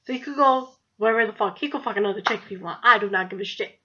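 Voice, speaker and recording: A woman's voice: mid-range voice, rapid-fire, pushed and bright, breathy edge. A young woman telling a story on her vlog, chatty and blunt and swearing freely. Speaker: vlogger. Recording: dull lo-fi recording.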